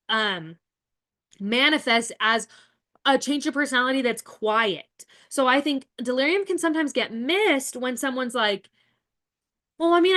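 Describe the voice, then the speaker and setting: Woman, young adult, nurse educator, live webinar lecture, chatty, encouraging, bright tone. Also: a little high. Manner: chatty, encouraging, addresses viewers as guys.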